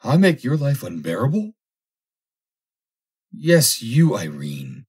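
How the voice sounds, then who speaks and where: A man's voice: medium pitch, huge pitch swings, slow pace, a little mellow, husky, voice pushed up, exaggerated voice. A man reading aloud, voicing a proud young woman who coolly rejects a suitor. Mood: cold, reproachful. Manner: cool, formal and reproachful.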